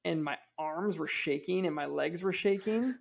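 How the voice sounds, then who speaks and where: A man's voice: fairly high pitch, moderate pace, creaky. A man in his thirties, a podcast regular, telling a candid, self-deprecating story in a casual way.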